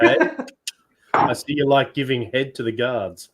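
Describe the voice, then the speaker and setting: A man taking part as a player in a tabletop game, trading quick, joking banter. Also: medium pitch, a bit bright, slight background noise. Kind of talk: casual tabletop chat.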